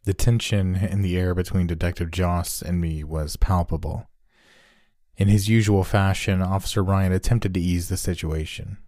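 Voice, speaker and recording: A man reading a first-person horror story aloud as a scripted narration, in a steady, measured storytelling manner. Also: sits low, no echo, studio quality.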